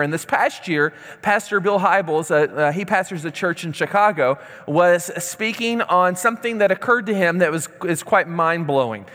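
A man preaching a sermon and telling a story, acting out quoted dialogue in lively voices. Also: sits high. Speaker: pastor. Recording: long hall reverb.

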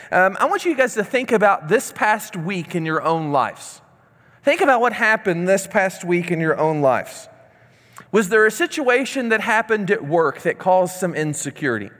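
Bright, high-voiced man preaching in a hall. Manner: storytelling, animated quoted dialogue. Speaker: pastor. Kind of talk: sermon. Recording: long hall reverb.

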